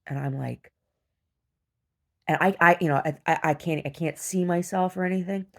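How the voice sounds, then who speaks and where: A woman recounting a disturbing dream in a personal video diary, talking haltingly with many restarts. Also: lowish voice, creaky. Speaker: survivor sharing a personal story.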